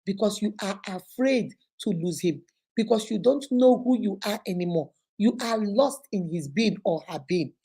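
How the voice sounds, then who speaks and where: A woman's voice: mid-range voice, lively intonation, moderate pace, creaky, dark tone, breathy edge. A woman hosting a live motivational talk, speaking emphatically and repeating her points. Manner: emphatic, preachy, repetitive. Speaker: host.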